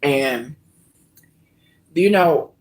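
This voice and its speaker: A woman chatting live with her viewers before cooking. She talks slowly and openly, stretching out her pauses. Her voice sinks to near-whispers when she gets emotional. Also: low voice, lively intonation, a little mellow. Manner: slow, heartfelt, emotional, addresses viewers as y'all. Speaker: cooking vlog host. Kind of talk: casual live-stream chat.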